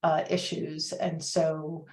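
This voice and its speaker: A woman's voice: deep voice, little pitch movement, slow, a little mellow. A woman in her fifties, a coach, telling her story as an interview guest in an earnest, reflective way, with many fillers.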